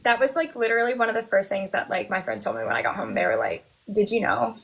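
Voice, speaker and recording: A young woman on a livestream video call, excitedly retelling stories and laughing. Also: medium pitch, fast talker, breathy edge, rough recording. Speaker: guest, former reality show contestant. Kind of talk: casual group chat on a livestream.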